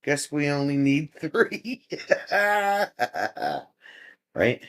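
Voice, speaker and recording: A man's voice: mid-range voice, expressive, takes it slowly. A man hosting a casual livestream, chatting easygoing with viewers, reading their comments aloud and chuckling often. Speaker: livestream host. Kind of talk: casual chat with live viewers.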